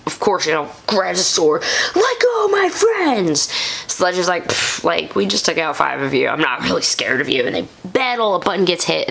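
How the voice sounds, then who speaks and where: A woman chatting through an episode recap as a reviewer, animated and full of quick asides. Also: lowish voice, gravelly. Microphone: condenser mic, home setup.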